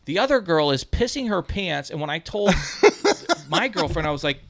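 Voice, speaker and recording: A man's voice: fairly high pitch, moderate pace, vocal fry. A man in his thirties hosting a podcast, telling a story in casual chat, cursing often and laughing as he goes. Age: 30s. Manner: profane, laughing, animated storytelling. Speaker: podcast host.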